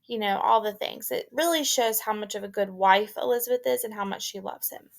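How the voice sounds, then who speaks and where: Gravelly-voiced woman teacher explaining casually. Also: mid-range voice, fairly quick. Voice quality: casual, chatty, with fillers like "like" and "you know". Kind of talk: explaining a play between readings.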